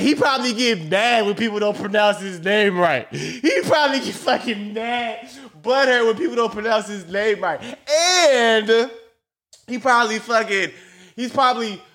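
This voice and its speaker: A man with an extremely high-pitched, fairly bright voice hosts a podcast, telling a rambling, profane, joking story into a phone mic as a casual storytelling monologue.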